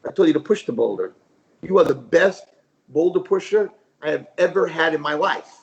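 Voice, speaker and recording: A man's voice: fairly high pitch, animated, normal speed, gravelly, dull audio. A man voicing God as a patient, firm figure in a spoken parable.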